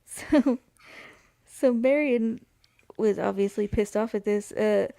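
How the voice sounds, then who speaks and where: A woman's voice: mid-range voice, slow, gravelly, mellow, no echo, studio quality. A woman co-hosting a podcast, casually telling a history story, laughing through her lines and swearing often.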